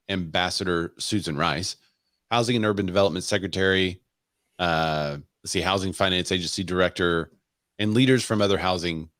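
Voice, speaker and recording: Deep voiced guy cohosting a real estate podcast, dry close sound, wry jokes. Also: fairly bright tone, no echo. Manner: wry, sarcastic asides. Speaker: podcast co-host. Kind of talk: casual podcast banter.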